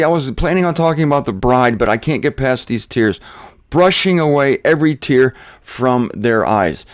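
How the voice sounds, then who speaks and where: An older man preaching a sermon, emotional and rambling, often restarting his sentences and swinging his pitch up and down. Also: no echo, clean studio sound. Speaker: pastor.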